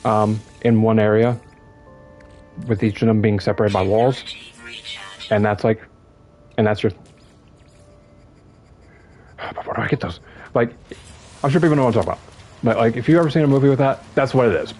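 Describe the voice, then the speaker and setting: A man's voice: fairly low pitch, fairly quick, long pauses, faint music behind, low-quality recording. A young man from the US telling a long story on a stream in a casual, rambling way, full of fillers. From United States. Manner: rambling, animated, lots of fillers.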